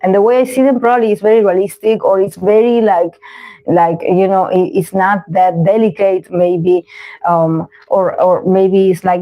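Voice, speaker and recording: A woman's voice: medium pitch, steady tone, normal speed, warm tone, dry recording, poor audio. A woman hosting a tarot livestream, talking frankly and reflectively while she searches for her words. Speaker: tarot reader host. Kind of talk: casual livestream monologue.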